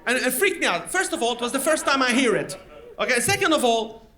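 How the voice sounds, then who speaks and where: A man from Lebanon, doing a stand-up comedy set in a live venue with lively, animated storytelling. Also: very high-pitched, brisk. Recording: live stage recording, loud audience laughter.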